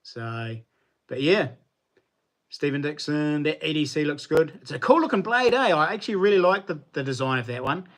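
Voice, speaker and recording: A man with a New Zealand accent, a knife maker chatting casually on a livestream and answering viewers in a relaxed, colloquial way. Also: fairly high pitch, moderate pace.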